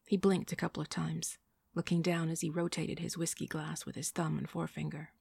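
Woman audiobook narrator, husky and gravelly, dry close sound. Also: low-pitched, no room sound. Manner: even, measured storytelling. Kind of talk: scripted narration.

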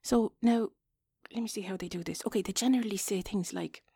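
An Irish woman doing a whispered role-play, soft and breathy, awkward and self-mocking as she keeps stopping to chat. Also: mid-range voice, fairly quick, no room sound.

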